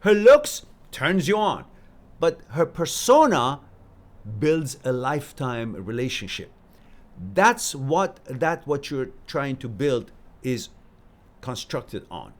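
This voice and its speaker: Animated male live stream host. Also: medium pitch, slow. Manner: animated storyteller, swinging between loud emphasis and quiet asides. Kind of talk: casual talk to a live stream audience.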